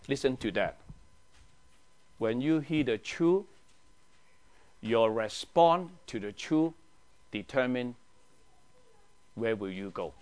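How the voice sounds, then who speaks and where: Animated pastor, questioning his class. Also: medium pitch. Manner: animated, asks the group questions, drops to a hushed tone for emphasis. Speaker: pastor leading a Bible study. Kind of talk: teaching sermon.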